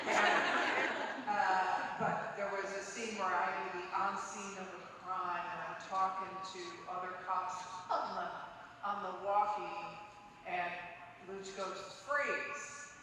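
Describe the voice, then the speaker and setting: Woman telling a slow deadpan story in an echoey hall. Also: lowish voice. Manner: deadpan, dry humor. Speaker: actress on a convention panel. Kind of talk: dry anecdote for a live audience. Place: large convention hall. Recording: echoey hall from far off, loud noise.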